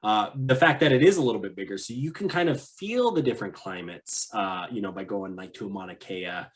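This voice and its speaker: A man's voice: on the low side, animated, a little fast. Rambling male podcast co-host. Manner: rambling, many fillers and restarts. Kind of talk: casual travel chat.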